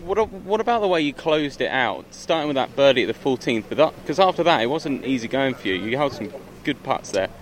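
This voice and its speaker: A man interviewing a golfer outdoors after a round, asking brisk and direct questions. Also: mid-range voice, very animated, slight background noise.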